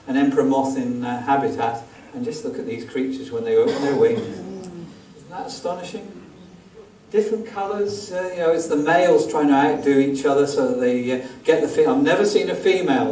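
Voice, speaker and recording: A man's voice: medium pitch, dark tone. A man giving a rambling, self-deprecating slide talk about moths to a club audience, with many ums along the way. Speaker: guest speaker, wildlife photographer. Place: theatre auditorium. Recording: echoey hall from far off, faint hiss.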